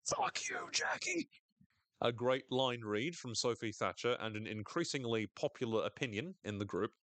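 A man's voice: mid-range voice, normal speed, no room sound. A man with a British accent, a podcast co-host casually recapping a TV episode with lots of jokes and swearing. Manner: animated and sweary, jokes often.

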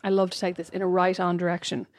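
A woman's voice: fairly low pitch, flat delivery, fast, dry recording, clean studio sound. A pregnant woman co-hosting a podcast, chatting casually in a wry, joking way. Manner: joking, wry, talks over her co-host. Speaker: podcast co-host. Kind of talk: casual chat.

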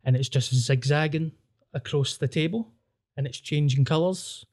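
A Scottish man with a Glaswegian accent, hosting a podcast and telling a wild story in an animated, sweary way, acting out voices. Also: fairly high pitch, normal speed. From Scotland. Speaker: podcast host. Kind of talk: casual storytelling chat.

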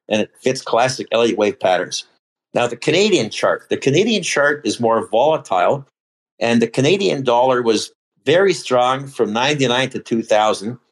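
A man of ordinary pitch talks as a podcast guest, walking through charts in a loose, chatty way. He often stops to restart or correct himself mid-sentence before pressing on with his point. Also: rough recording. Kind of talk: casual explanation of market charts.

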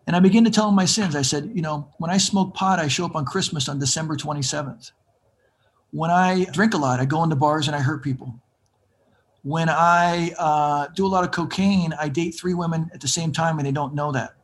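A man in his fifties telling his own life story in an interview, animated and acting out the voices of people he quotes. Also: a little high, a little fast. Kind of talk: conversational storytelling.

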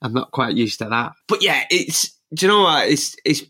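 A man's voice: medium pitch, expressive, moderate pace, sharp tone. Young guy, chatty and easygoing, lots of laughing, regular middle voice. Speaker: podcast host and radio presenter. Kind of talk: casual interview chat.

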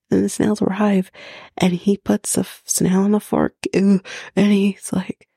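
A woman's voice: mid-range voice, little pitch movement, takes it slowly, vocal fry, long pauses, dark tone, breathy edge, dry recording, studio quality. A woman hosting a podcast, recapping a reality show in casual chat, blunt and mocking, swearing freely. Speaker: podcast host.

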